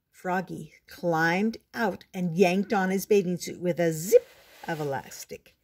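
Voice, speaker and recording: An older woman reading a children's picture book aloud as a storyteller, slow and expressive. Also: lowish voice.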